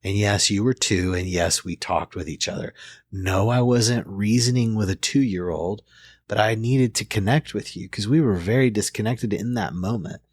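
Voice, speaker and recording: Husky low-voiced man telling stories. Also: normal speed, no echo, clean studio sound. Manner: reflective storyteller, with frequent restarts. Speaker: therapist host. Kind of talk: casual podcast conversation.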